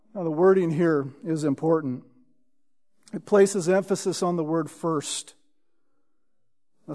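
Pastor, male, high-pitched voice, emphatic sermon delivery with repeated words. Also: darkish tone. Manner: emphatic, repeats words when building a point.

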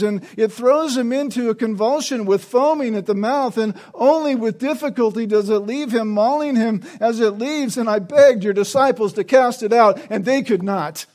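A man's voice: very high voice, unhurried, hardly any pauses, darkish tone. A man preaching an expository sermon, explaining the text and often checking in with the listeners through tag questions.

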